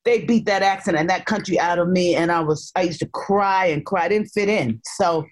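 Animated woman guest telling stories, playful, acts out the people she quotes, lowish voice. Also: a little fast. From North Carolina, USA. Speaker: guest actress. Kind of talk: casual interview storytelling.

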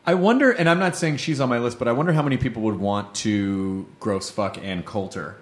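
A man's voice: medium pitch, a little fast. A man hosting a comedy podcast, chatting casually and telling crude, playful stories. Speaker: podcast host.

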